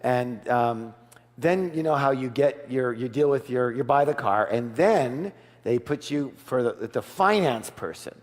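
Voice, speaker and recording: A middle-aged man giving an energetic, chatty business seminar, often checking with the audience. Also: mid-range voice, unhurried. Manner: energetic, chatty, keeps asking the audience "yes or yes?". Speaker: seminar speaker. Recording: long hall reverb.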